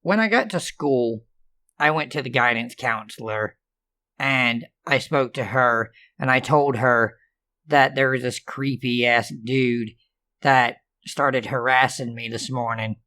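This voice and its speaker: A man's voice: medium pitch, slow, pushed and bright. A man reading true scary stories aloud in a casual, profane, sarcastic way. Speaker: storyteller.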